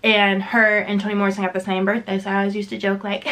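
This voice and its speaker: A woman's voice: mid-range voice, level tone, fast, few pauses, fairly bright tone, a little hiss or hum, poor audio. A young woman reviewing a book in a casual vlog, candid and emphatic, swearing freely.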